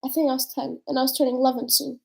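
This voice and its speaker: A woman's voice: sits high, little pitch movement, racing, creaky, darkish tone. A young woman chatting casually with her sister, telling stories in a chatty, giggly way. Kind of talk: casual chat.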